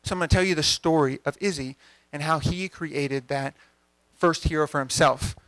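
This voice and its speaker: Animated young man telling a coaching story. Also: on the high side, normal speed, no echo. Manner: energetic, conversational, acts out dialogue. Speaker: coach giving a talk. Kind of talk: storytelling talk to a live audience. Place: event venue.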